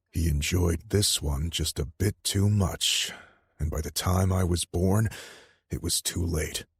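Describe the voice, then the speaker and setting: A man in his thirties with a low, husky voice voicing a calm, secretive young man who speaks with quiet composure. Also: no room sound, clean studio sound, full character voice. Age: 30s.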